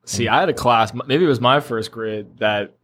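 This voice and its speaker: A man's voice: mid-range voice, moderate pace, fairly bright tone. A young man co-hosting a podcast, chatting casually and stumbling over restarts. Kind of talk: casual chat.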